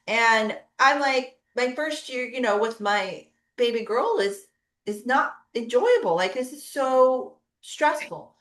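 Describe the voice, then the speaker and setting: A woman's voice: on the high side, lively intonation, takes it slowly, a bit bright, echoey room. A middle-aged woman, a pediatric physical therapist, giving a conversational webinar talk with frequent tag questions. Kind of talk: webinar presentation.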